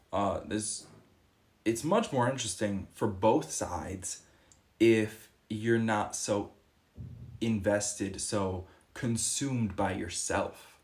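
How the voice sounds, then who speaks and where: A young man talking casually and earnestly to camera as a fitness vlogger, rambling a little and acting out quoted exchanges. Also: lowish voice. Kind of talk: casual reflective monologue.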